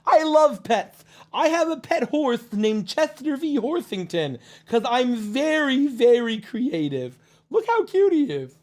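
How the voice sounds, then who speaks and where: A goofy male clown, put on by a man who shrieks with excitement, speaking in a silly put-on accent. His voice sits high and bounces up even higher on every exclamation. He hosts with loud, gleeful energy. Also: a little slow, heavily acted. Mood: gushing. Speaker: livestream host.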